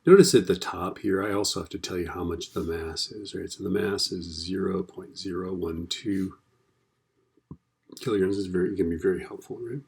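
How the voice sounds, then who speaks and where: Low-voiced man teaching casually. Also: fairly even intonation, moderate pace, vocal fry, a little mellow. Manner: chatty, keeps asking "right?". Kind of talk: casual recorded lesson.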